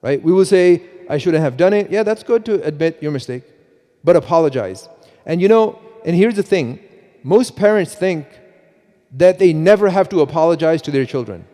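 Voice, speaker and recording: A middle-aged man giving a mosque talk on parenting, animated, with many restarts and repeats, often quoting himself. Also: on the high side, moderate pace. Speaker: preacher. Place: mosque hall. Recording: long hall reverb.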